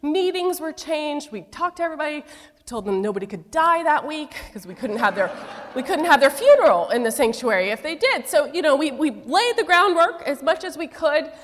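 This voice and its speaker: A woman's voice: high voice, long reverb tail. A middle-aged woman pastor preaching a sermon, telling stories with playful asides.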